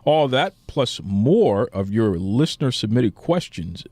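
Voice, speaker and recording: Animated man hosting a wrestling podcast. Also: mid-range voice, measured pace, no echo. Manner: teasing, mock-indignant. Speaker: podcast host. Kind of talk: casual bantering chat.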